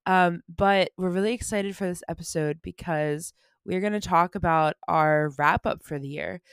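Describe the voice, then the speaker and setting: A woman's voice: fairly low pitch, normal speed, smooth, no echo, clean studio sound. A woman in her twenties co-hosting a podcast, chatting casually with a giggly manner and lots of fillers. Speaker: podcast co-host. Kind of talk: casual chat.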